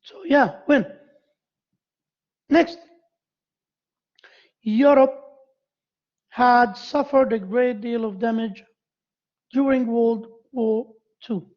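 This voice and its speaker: This very high-pitched man is a university lecturer running a grammar lesson, stumbling and repeating himself as he questions his class. The audio sounds dull.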